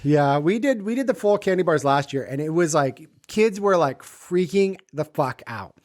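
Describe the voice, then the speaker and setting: A man's voice: a little high, lively intonation, normal speed, a little mellow. A man co-hosting a podcast, chatting casually and telling loose stories with plenty of swearing and laughter. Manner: loose, profane, laughing storyteller. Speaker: podcast co-host. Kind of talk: casual chat.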